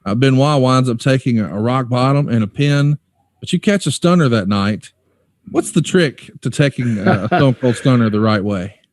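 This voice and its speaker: A man's voice: mid-range voice, lively intonation, normal speed, a little mellow, dry recording. A man co-hosting a casual podcast, eagerly recapping old matches and leading the questions. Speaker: podcast co-host and interviewer.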